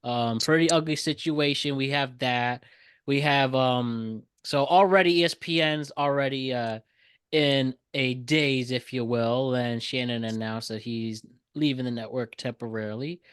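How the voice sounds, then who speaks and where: A man hosting a casual podcast, explaining things to listeners with quick asides. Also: medium pitch, steady tone, a bit bright, clean tone, no room sound. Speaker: podcast host.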